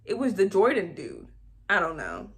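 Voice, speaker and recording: A young woman talks straight to camera, running through a film's plot in a loose, chatty way. She breaks in with dry, sarcastic jabs and laughs at her own remarks. Her voice sits at a middling pitch for a woman. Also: huge pitch swings, moderate pace. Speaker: movie review vlogger. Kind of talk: casual movie recap.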